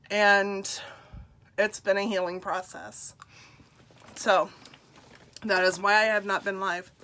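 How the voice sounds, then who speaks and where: A congested middle-aged woman tells a personal story on a live stream, speaking slowly in a heartfelt, confiding way and greeting viewers by name. Her mid-range voice is bright with a forceful tone.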